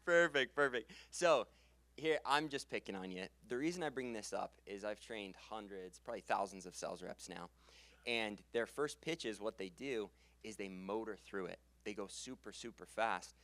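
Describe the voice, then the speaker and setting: A fairly low-voiced young man runs a sales seminar in front of a live audience. He talks with energy, laughs easily and brings every sentence down at the end. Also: normal speed, fairly bright tone. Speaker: sales trainer. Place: conference room with live audience. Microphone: handheld stage mic.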